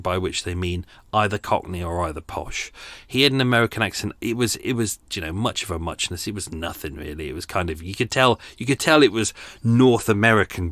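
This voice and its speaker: A man's voice: lowish voice, a bit bright, no echo. A middle-aged British man hosting a podcast, chatting casually in a wry, skeptical way with plenty of ums. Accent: British English. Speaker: podcast host. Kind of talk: casual unscripted commentary.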